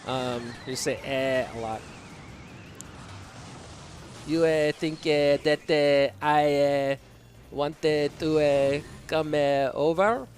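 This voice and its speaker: A man putting on an Israeli accent, speaking haltingly with constant "uh" fillers. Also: medium pitch, level tone, slight background noise, voice pushed down, close to an everyday voice.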